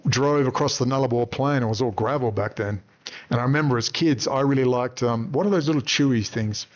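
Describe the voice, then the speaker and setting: A man in his fifties with an Australian accent, talking in a loose, digressive monologue full of asides and casual swearing. His voice sits at an ordinary pitch for a man. The recording is somewhat dull and lo-fi. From Western Australia. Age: 50s. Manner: casual, digressive, swears freely, chuckles at own stories. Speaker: commentator. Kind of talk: rambling monologue.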